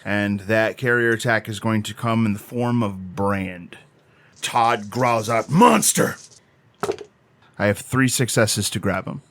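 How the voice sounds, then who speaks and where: Low-voiced man playing a tabletop game. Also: steady tone, moderate pace, few pauses, a bit bright, a little hiss or hum. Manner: eager, swears casually, talks through dice rolls. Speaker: player.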